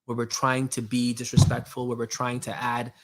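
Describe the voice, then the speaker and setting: A man's voice: mid-range voice, completely flat delivery, normal speed, a bit bright. Man preaching with rhetorical questions. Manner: preachy, rhetorical questions, addresses listeners directly. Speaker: host. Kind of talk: casual motivational talk.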